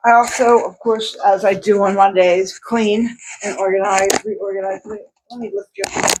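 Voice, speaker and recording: Woman vlogger at home, mid-pitched, loose rambling delivery with lots of restarts. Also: fairly even intonation, normal speed, a little mellow, a little hiss or hum. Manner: rambling, chatty, many restarts and fillers. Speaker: outsider artist vlogger. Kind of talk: casual chat to camera.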